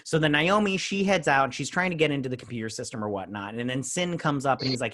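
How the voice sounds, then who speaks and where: Host, thirties, male, mid-pitched. Chatty, loose episode recap, puts on the characters' quotes. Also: lively intonation, quick pace, a bit bright. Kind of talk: casual episode review chat.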